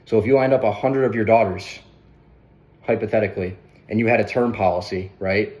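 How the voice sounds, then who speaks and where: A man coaching others through a sales pitch in a brisk, conversational way, often tagging on "right?". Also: steady tone, darkish tone. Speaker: sales trainer.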